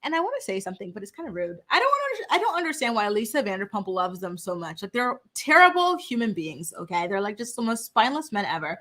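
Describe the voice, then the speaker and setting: A woman's voice: medium pitch, big pitch swings, quick pace, few pauses, a bit bright. A young woman giving a sassy, gossipy recap of a reality show, full of fillers and asides. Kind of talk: casual recap commentary.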